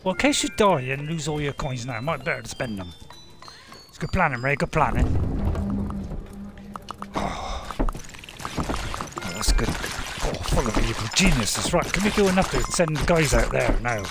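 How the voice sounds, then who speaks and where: A man's voice: medium pitch, lively intonation, moderate pace, gravelly, long pauses. A man giving casual, jokey commentary on his own gameplay, talking to himself and cheering on his units. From Britain. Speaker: gaming video host. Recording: game music behind the voice. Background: game music.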